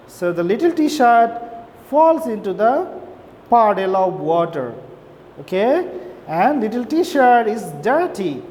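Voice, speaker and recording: A woman teacher giving an English reading lesson to young children, explaining slowly and checking in with "okay?". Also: fairly high pitch, darkish tone. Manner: slow, simple explanations with repeated "okay?". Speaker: primary school teacher. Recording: long reverb, faint background noise.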